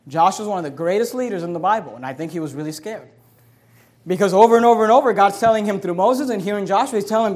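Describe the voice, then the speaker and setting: Male pastor, high voice, sermon delivery, emphatic scripture reading with rhetorical questions. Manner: preaching, swings from loud emphatic scripture reading to quiet, low asides; reads old-style scripture and answers rhetorical questions.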